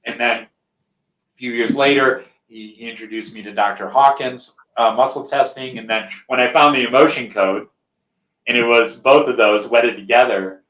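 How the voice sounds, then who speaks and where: A man's voice: medium pitch, fairly even intonation, moderate pace, fairly bright tone, distant mic. A male podcast host telling a personal story in casual conversation, rambling a bit and often checking in with "right?". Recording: roomy echo.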